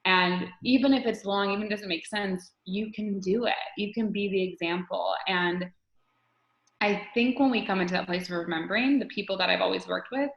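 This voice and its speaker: A woman coach giving animated, spiritual interview answers, often restarting her sentences. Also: medium pitch, a little fast, vocal fry, roomy sound, lo-fi sound. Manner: animated, spiritual, repeats herself. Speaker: guest coach.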